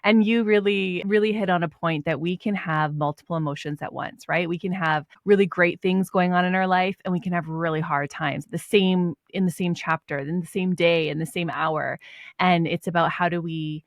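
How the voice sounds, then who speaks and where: A woman's voice: on the low side, fairly even intonation, normal speed, no echo, studio quality. A woman hosting a podcast, speaking encouragingly to her guest. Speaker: podcast host. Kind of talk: podcast conversation.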